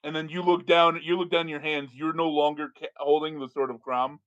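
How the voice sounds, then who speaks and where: A man's voice: on the high side, little pitch movement, fairly quick, fairly bright tone, lo-fi sound. Man narrating as game master. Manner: restless, full of restarts.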